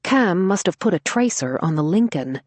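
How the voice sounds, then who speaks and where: Husky woman narrating an audiobook. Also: lowish voice, dry recording. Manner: even, measured. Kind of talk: scripted narration. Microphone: close studio mic.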